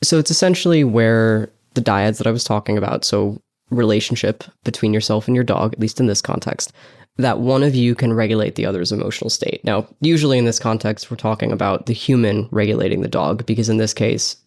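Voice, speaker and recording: A man's voice: on the low side, fairly quick, creaky, darkish tone. A man, a dog behavior consultant and guest on a podcast, explaining research steadily and using lots of "like.". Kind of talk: explanatory interview answers.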